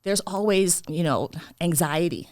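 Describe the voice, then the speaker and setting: A woman's voice: lowish voice, a little slow, a little mellow, no echo, studio quality. A woman coach speaking as a podcast guest, earnest and reflective, often saying "you know". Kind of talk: casual interview talk.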